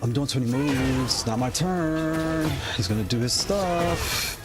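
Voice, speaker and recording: A man talks through his own fighting game matches as they happen, nervous and excitable, and he repeats himself. His pitch swings widely from low mutters to sudden high yelps. Loud music plays under his voice. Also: measured pace. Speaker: streamer playing a fighting game tournament. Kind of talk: live gameplay commentary.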